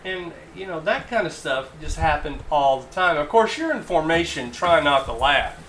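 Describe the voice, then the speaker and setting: Brief: radio host man, forties, higher-pitched bright voice, animated storyteller. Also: reverberant, slight background noise. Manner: animated anecdotal storyteller, halting asides.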